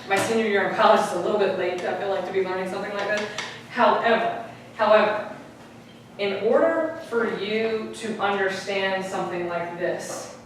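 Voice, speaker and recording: A woman teaching high school Spanish, upbeat and energetic, calling on students by name to quiz them. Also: slight background noise. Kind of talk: classroom teaching. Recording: echoey classroom from a distant mic.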